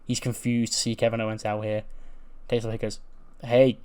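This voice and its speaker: A man's voice: on the low side, completely flat delivery, a little fast, smooth. A man hosting a wrestling management game playthrough and casually retelling its storyline. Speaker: let's play host.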